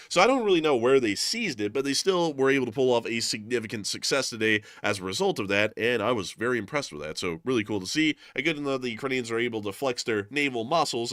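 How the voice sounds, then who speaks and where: A man giving casual war news commentary over clips, jokey with deadpan puns and broken-English asides. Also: mid-range voice, no echo, clean studio sound.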